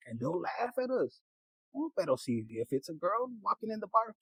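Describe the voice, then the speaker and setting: A man with a high, gravelly, husky voice rambles through a casual tarot reading. He laughs often, swears freely and drops in Spanish phrases. The sound is close and dry. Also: very animated, a little fast, no echo, low-quality recording. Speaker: tarot reader.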